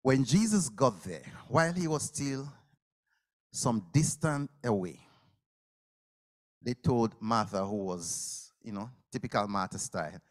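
A man with a medium-pitched voice preaches a sermon at a measured pace, telling a story in an animated way. He acts out the people in it and sometimes drops to a whisper at quiet moments.

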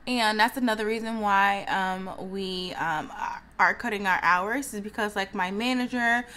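A woman's voice: mid-range voice, unhurried, bright, forceful tone, slight background noise. A young woman vlogging casually, venting in a chatty way, full of "like" and sighs. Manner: venting, chatty, heavy use of "like", frequent sighs. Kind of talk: casual vlog chat.

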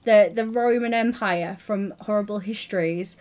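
A woman's voice: mid-range voice, normal speed, a little mellow. A young woman streaming, chatting casually and teasingly while building in a game. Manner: teasing, giggly, playful.

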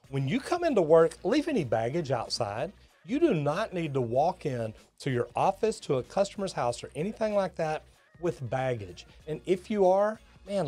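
A man, a plumbing educator, giving an energetic, emphatic business lesson to tradespeople and acting out talks with customers. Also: a little high.

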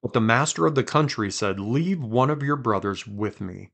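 Man, podcast host, bible reading, soft dramatic emphasis, mid-pitched voice. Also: expressive, moderate pace, vocal fry. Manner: reads with quiet dramatic emphasis, chats between passages.

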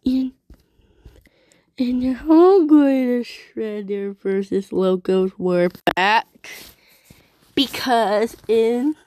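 A woman's voice: a little high, extremely slow, dark tone, no room sound. A woman playing a game casually, giggling playfully and talking through the hiccups. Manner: giggly, playful, breaks into laughter. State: has the hiccups.

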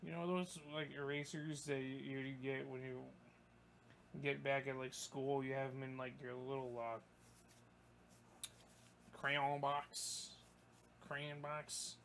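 A young man commentating his gameplay, swearing a lot and breaking into yelps and shouts when things go wrong. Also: medium pitch, little pitch movement, slow, long pauses, slight background noise. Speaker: gaming YouTuber. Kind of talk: let's play commentary.

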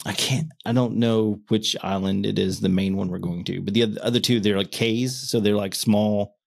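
A man in his thirties chatting casually on a podcast, stumbling and restarting his words when excited, laughing often. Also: fairly low pitch, moderate pace, vocal fry. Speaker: podcast co-host. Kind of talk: casual chat.

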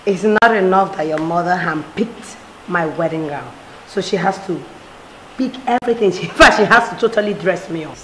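An actress with a Nigerian accent playing a young bride-to-be, exasperated and quick to argue. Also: female voice, lowish voice, a little hiss or hum, natural voice. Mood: irritated. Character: young bride-to-be, frustrated with her fiancé. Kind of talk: film drama dialogue. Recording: echoey room with music under.

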